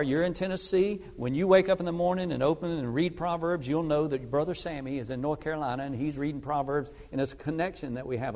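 Earnest preacher man in a reverberant hall. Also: a little high. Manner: earnest storytelling preacher, swings between loud emphasis and quiet. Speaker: evangelist preacher. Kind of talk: sermon. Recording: long reverb of a large hall.

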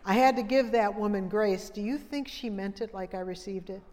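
A middle-aged woman speaks at a women's conference in a folksy, humorous way, addressing the audience directly. Her voice sits at an ordinary pitch. A long reverb from the large hall trails after her words. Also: moderate pace, a little mellow. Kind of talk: conversational women's conference talk.

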